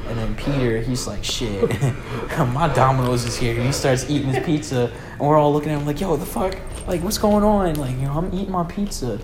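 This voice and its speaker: A young man telling a wild comic story to friends in a loose, slangy, excitable way. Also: mid-range voice. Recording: echoey room with loud background noise.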